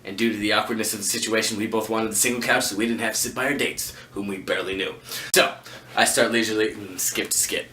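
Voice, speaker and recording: A man vlogging a rambling storytime to camera, joking at his own expense with quick asides. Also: fairly low pitch, steady tone, pushed and bright, slight background noise. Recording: echoey room.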